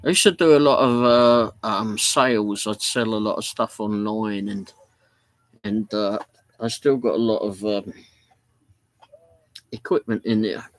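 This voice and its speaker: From his home office, a man hosts a casual livestream, rambling and reading out viewer comments. His lowish voice has fairly even intonation and a measured pace with long pauses; the low-quality recording has no echo.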